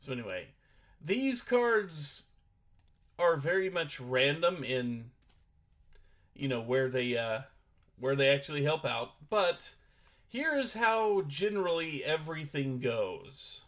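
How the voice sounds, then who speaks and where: A man's voice: a little high, animated, takes it slowly, a bit bright. A man on a casual gaming stream, explaining the rules of a board game while setting it up at his computer, talking hesitantly as he thinks aloud. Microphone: desk microphone at a computer.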